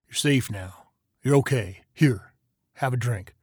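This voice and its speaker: A man voicing a calm frontier doctor who speaks softly and reassuringly. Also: medium pitch, measured pace, husky, dry recording, studio quality. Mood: soothing. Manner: soft and reassuring. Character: calm older frontier doctor, gentle and soothing.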